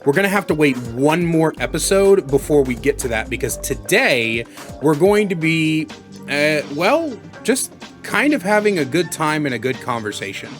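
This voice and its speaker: A man's voice: a little high, sing-song, normal speed, faint music behind. A man giving casual, rambling commentary as he plays a block-building game, sometimes yelping and pleading in panic. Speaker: Minecraft let's play host.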